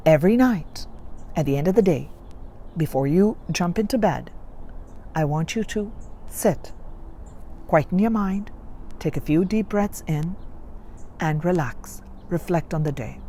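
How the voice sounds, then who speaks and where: A woman's voice: lowish voice, a little mellow, a little hiss or hum. A woman giving a spiritual reading, coaching listeners earnestly and repeating key points. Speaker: spiritual reader. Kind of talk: guided self-help reading.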